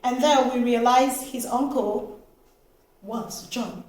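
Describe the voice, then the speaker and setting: A woman from Nigeria giving a casual, animated book review, laughing now and then. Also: fairly high pitch, takes it slowly. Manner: animated, expressive, laughs often. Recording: echoey room, faint noise.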